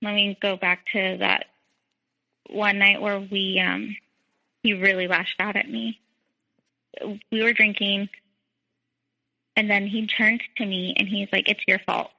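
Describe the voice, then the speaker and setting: A woman's voice: mid-range voice, flat delivery, measured pace, creaky, long pauses, sharp tone, in a large hall. A young woman telling her own story as a podcast guest, quoting others in dialogue and saying "like" often. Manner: frequent "like", quotes others in dialogue. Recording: dull lo-fi sound.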